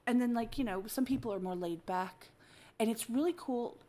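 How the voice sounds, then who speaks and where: An American woman in her younger years chats loosely on her podcast, breaking into laughter between sentences. Her talk is blunt and full of swearing, told with lively storytelling energy. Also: fairly high pitch, normal speed, slight background noise. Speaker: podcast host. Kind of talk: casual chat.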